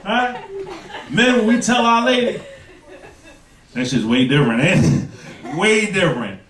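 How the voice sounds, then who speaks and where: A man's voice: high-pitched, sing-song, unhurried, far from the mic, a little hiss or hum. A man performing a stand-up comedy set on a club stage, talking to the audience and putting on voices for the people he mocks. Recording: roomy club, mic heard from afar, loud crowd. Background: audience laughter and applause.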